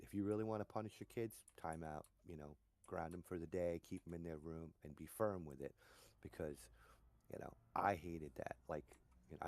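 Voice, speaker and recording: A middle-aged man with a very deep voice chats casually between games. He rambles through stories, dropping "you know" every few words. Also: a little mellow. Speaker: gamer chatting on a stream. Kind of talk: casual chat.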